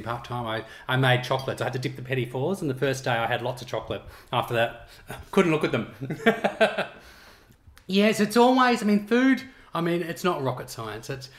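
A middle-aged Australian man, a chef talking casually about his cookbook in a relaxed, rambling way with frequent chuckles. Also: medium pitch. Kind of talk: casual interview chat.

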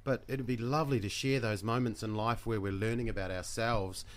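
Fast-talking New Zealand man. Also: lowish voice, fairly even intonation. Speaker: studio guest. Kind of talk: radio interview.

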